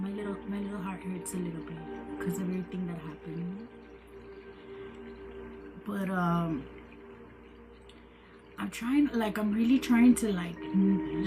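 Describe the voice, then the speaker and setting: A woman's voice: medium pitch, measured pace, pauses often. A tired woman hosting a tarot livestream, chatting casually, rambling, repeating herself and swearing freely. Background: background music.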